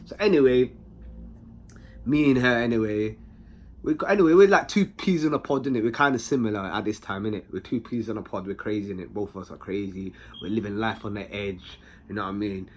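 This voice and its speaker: A man's voice: on the low side, a little fast, slight background noise. Slangy young London man telling a story. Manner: slangy, animated, full of tag questions. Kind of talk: casual anecdote.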